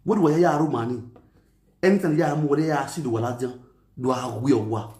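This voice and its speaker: A Nigerian man with an Edo accent hosting an online talk show, ranting with insults, mocking chants and shouts. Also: mid-range voice, moderate pace, echoey room. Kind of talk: ranting commentary.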